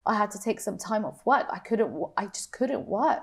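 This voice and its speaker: A young woman on a panel, sharing a personal story of grief in a halting, emotional way with many restarts. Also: mid-range voice, expressive. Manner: emotional, halting, repeats herself. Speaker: panel guest.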